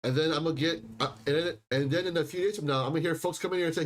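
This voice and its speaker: A man hosting a live stock and crypto stream, talking insistently and repeating himself, often clearing his throat. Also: fairly high pitch, rapid-fire. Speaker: livestream stock and crypto host. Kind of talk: live market commentary.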